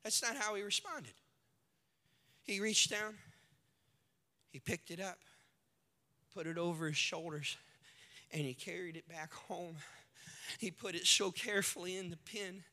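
A man's voice: sits high, unhurried, pauses often, sharp tone, in a large hall. A man preaching a sermon as pastor, telling a parable with dramatic storytelling and acted-out voices.

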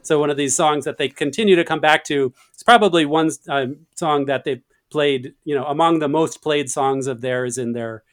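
A man's voice: on the high side, normal speed, few pauses, fairly bright tone. A man discussing music casually as a podcast guest, enthusiastic and fluent.

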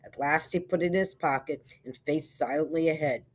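A woman narrating a literary short story in a measured, lyrical way with soft trailing endings. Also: sits low. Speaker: audiobook narrator.

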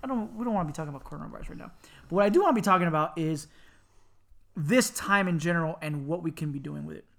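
A man co-hosting a casual podcast, an animated storyteller who jokes around and slips into loud laughing impressions. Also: fairly high pitch, very fast, vocal fry. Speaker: podcast co-host.

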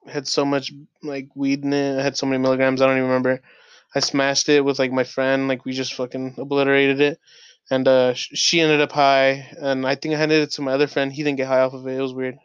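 A man's voice: medium pitch, clear, resonant tone, dry recording. A young man hosting his own podcast, telling a rambling casual story full of "like" fillers and swearing. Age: young adult. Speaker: podcast host. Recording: dull, lo-fi dry recording.

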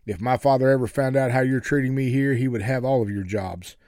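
A man's voice: a little fast, no echo, clean studio sound, close to an everyday voice. A man putting on a furious spoiled young woman. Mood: enraged. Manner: shrill, insulting, yelling.

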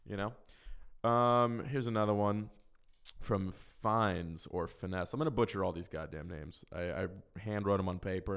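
A man's voice: on the low side, clear, resonant tone. Frank, foul-mouthed male podcast host. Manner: frank, profane, rambling with fillers. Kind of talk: casual solo chat answering listener questions.

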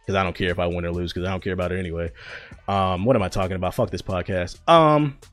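A man's voice: sits low, quick pace, a bit bright, soft background music. Laid-back, slangy young man on a podcast. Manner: loose, profane and slangy, with many fillers. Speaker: podcast host. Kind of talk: casual storytelling chat.

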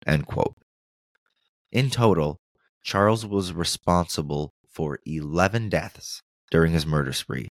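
A man narrates a true-crime podcast in a low voice, dropping sarcastic asides between quoted passages. The recording is dry and close, with no room sound. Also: slow pace, no echo. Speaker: podcast host.

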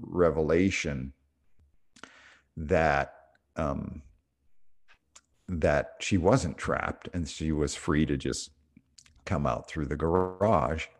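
A man's voice: rumbling low, drawn-out words, pauses often. A middle-aged man telling a story on a casual spiritual podcast, reflective and full of small restarts. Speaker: podcast co-host.

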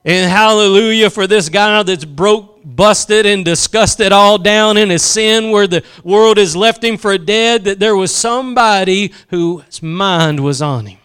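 High-voiced, impassioned male preacher. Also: smooth. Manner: impassioned, swings between slow emphatic build-ups and soft asides. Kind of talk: sermon.

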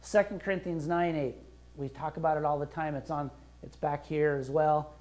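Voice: mid-range voice, fairly even intonation, normal speed, a little mellow. A pastor preaching a sermon in a conversational, emphatic way, acting out prayers and quotes as he goes. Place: church.

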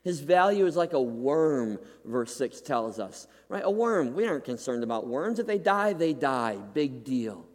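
A man's voice: medium pitch, sing-song, a little slow, hardly any pauses. Emphatic preacher man in a reverberant hall. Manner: emphatic, dramatic rises and hushed drops, repeats "right?". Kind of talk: sermon.

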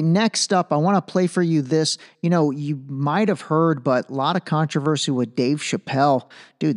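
A man hosting a podcast solo, talking in a loose, chatty way and slipping in jokes. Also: a little high. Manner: loose, chatty, jokey asides. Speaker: podcast host. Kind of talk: casual solo podcast commentary. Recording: long room reverb.

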